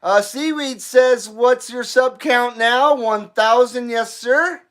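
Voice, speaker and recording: A breathless, excitable man chats on his own live stream, his voice sitting high for a man. He talks in an unhurried, drawn-out way and swears freely between laughs. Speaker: channel host. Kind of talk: casual live stream chat.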